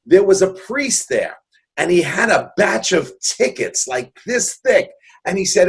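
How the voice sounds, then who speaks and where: As a guest in a casual interview, a man in his sixties from New York City shares stories earnestly and jokingly, rambling and restarting many times. His voice is a little high and husky, animated, at normal speed.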